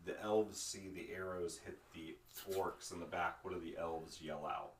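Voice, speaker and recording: Brief: low-voiced male host, casual interviewer, roomy distant sound with faint hiss. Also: steady tone, normal speed. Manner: prompting questions, enthusiastic and self-deprecating. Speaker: podcast host.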